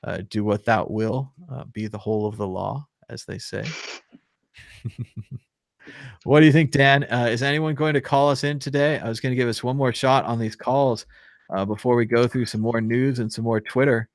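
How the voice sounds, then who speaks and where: A man's voice: mid-range voice, steady tone, moderate pace, no room sound, studio quality. A man hosting a live call-in show, chatting casually, joking and laughing between rambling remarks. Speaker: show host.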